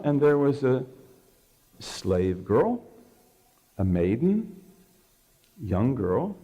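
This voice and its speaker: An older man delivers a religious lecture with a mellow, warm-toned voice. He tells stories with animation, lifting his voice for quoted lines, and checks in with the audience using questions. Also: on the low side, lo-fi sound. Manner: storytelling, animated, acts out quoted speech. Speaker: imam giving a lecture.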